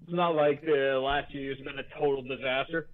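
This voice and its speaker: A man's voice: mid-range voice, steady tone, brisk. A man co-hosting a casual sports chat, giving blunt, profane opinions. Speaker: co-host. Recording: tinny phone-like line.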